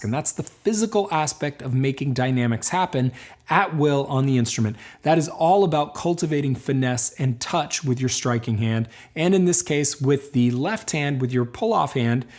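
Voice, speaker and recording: A man teaching a banjo lesson, explaining and encouraging in a calm, clear way. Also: mid-range voice. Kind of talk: instructional lesson.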